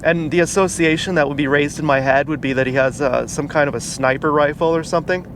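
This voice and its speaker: A man tells a personal story in a casual, halting way, full of fillers and restarts. His voice sits a little high. It was recorded outdoors, and clear car and street noise runs behind him. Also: steady tone. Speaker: vlogger.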